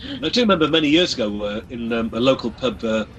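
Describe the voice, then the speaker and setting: A man's voice: mid-range voice, very animated, quick pace, crowd noise, rough recording. An Englishman with an English accent, chatting jovially on a radio show, addressing listeners as folks and stumbling over his restarts. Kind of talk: casual radio chat.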